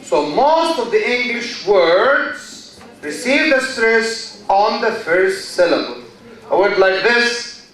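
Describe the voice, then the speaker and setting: A man teaches in a big echoing hall, heard from a distance. His voice sits high and he speaks slowly, repeating words and firing questions at his students. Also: expressive, fairly bright tone. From Egypt. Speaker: university lecturer. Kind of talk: classroom lecture. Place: lecture hall. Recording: echoey hall, distant mic.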